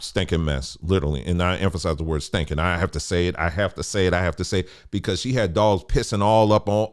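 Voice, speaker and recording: A man teaching in a loose, colloquial preaching style, repeating points for emphasis. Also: fairly low pitch. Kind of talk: informal preaching.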